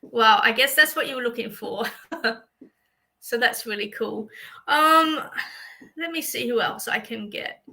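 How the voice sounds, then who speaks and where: A woman's voice: on the high side, measured pace, creaky, pauses often, sharp tone, poor audio. An Australian woman, a psychic medium, chatting through a livestream reading for viewers with many fillers and a reassuring manner.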